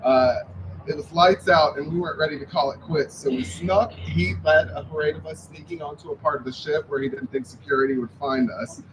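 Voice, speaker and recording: A man's voice: a little high, fairly even intonation, a little fast, background noise. A man giving a eulogy for his father, telling family stories with light humor. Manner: warm anecdotal storytelling with light humor. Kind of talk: memorial speech, storytelling. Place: memorial service venue.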